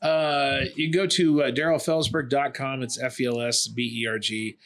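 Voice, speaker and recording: A man's voice: mid-range voice, steady tone, normal speed, a bit bright. A middle-aged comedian, a man, chats casually on a podcast. He tells his stories in a sarcastic, joke-filled way. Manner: storytelling, sarcastic, jokey. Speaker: comedian guest.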